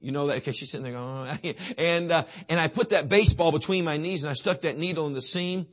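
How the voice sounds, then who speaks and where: A middle-aged man preaching a sermon in folksy storytelling, swinging from booming to hushed. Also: fast talker.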